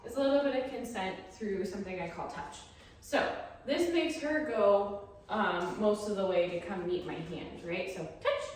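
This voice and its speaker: A woman dog trainer explaining her methods while she works with a dog, breaking off to praise it in a high voice. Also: moderate pace, very echoey, recorded from a distance, rough recording.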